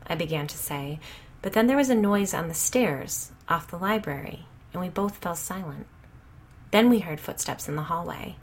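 Low-pitched woman narrator, dry and wry, conversational storytelling. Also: normal speed.

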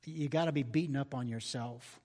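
A man putting on the voice of Jesus, talking in casual modern words with calm reassurance. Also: high-pitched, normal speed, husky, in a large hall, heavily acted. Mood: gentle. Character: Jesus, calm confident man addressing others.

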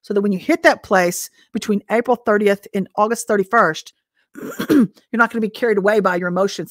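Lady preacher chatting thru a teaching, asks lots of questions, clears her throat now n then, mid pitch. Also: a little fast, dry recording, clean studio sound. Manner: conversational, rhetorical questions, occasional throat clearing. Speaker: Christian teacher and minister. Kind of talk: informal prophetic teaching.

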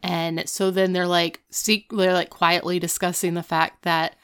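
A woman casually recapping a show, retelling scenes with quick quoted lines. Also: fairly low pitch, little pitch movement, fairly bright tone, smooth. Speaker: podcast co-host recapping a show. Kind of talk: casual chat.

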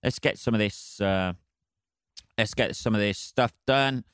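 A man's voice: lowish voice, unhurried, a bit bright, dry recording, clean studio sound. A man hosting a solo podcast, rambling casually with heavy swearing and laughing at his own jokes. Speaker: podcast host.

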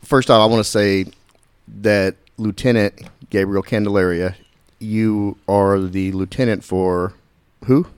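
A male podcast host with a lowish voice, chatting loosely with guests and laughing easily. He restarts his sentences often. The sound is dry and close. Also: steady tone, unhurried, clean tone, no room sound. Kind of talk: casual podcast chat.

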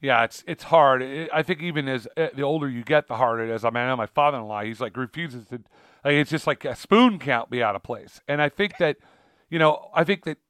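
A man's voice: mid-range voice, fairly quick, a bit bright, clear, resonant tone, no echo, clean studio sound. A man co-hosting a casual talk show about faith, rambling with many fillers and restarts. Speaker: podcast co-host.

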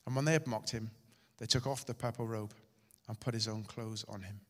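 A man's voice: fairly low pitch, fairly even intonation, fairly quick. Man preaching in a reverberant hall. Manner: dramatic, shifting loud and soft. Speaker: pastor. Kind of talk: sermon.

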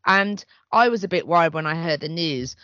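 A woman co-hosting a casual discussion podcast, weighing her views aloud with measured restarts. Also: on the low side, sharp tone, no echo, lo-fi sound. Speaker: podcast co-host.

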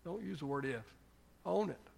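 A man's voice: a little high, expressive, moderate pace, gravelly, a little mellow, breathy edge. An older man preaching a sermon on marriage as pastor, telling folksy family stories and building to emphatic exhortation.

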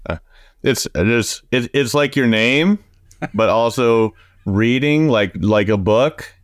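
A man's voice: mid-range voice, slow, dry recording, studio quality. A man co-hosting a podcast, trading wry puns in casual chat. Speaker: podcast co-host.

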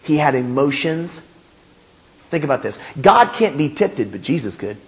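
A male pastor preaching a sermon, animated and emphatic, with humor and rhetorical questions. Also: on the high side, unhurried.

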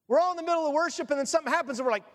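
A man with a high, bright voice delivers a sermon, joking and acting out the people in his stories. The sound carries a long reverb, as if recorded in a large church hall. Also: very fast. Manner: animated, jokey, acts out quoted voices. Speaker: pastor.

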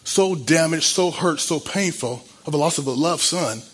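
A man's voice: a little high, normal speed, a bit bright, husky. A man in his fifties, a church pastor, gives an earnest and emotional sermon, stumbling and restarting as he tells his own story.

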